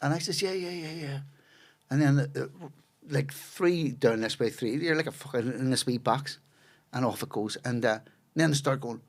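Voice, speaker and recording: A man's voice: medium pitch, normal speed. A middle-aged man, a podcast guest telling rambling, profane anecdotes. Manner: swears freely, rambling anecdotes with fillers. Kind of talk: casual storytelling.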